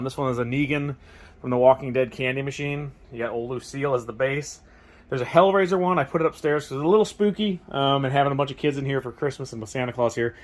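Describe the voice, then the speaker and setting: A man at an ordinary middle pitch gives a casual walking tour of his toy store. He talks quickly and excitedly, tripping over his words and restarting sentences as he goes. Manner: excited, fast-talking with restarts.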